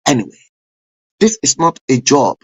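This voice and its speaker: A man hosting a live-stream talk show, giving fervent political commentary with sudden loud rising bursts. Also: mid-range voice, big pitch swings, normal speed, breathy edge. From Nigeria.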